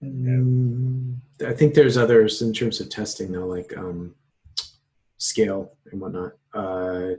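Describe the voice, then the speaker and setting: A man's voice: fairly low pitch, flat delivery, slow pace, dark tone. A man running an online release meeting on a video call, talking casually with many fillers and restarts.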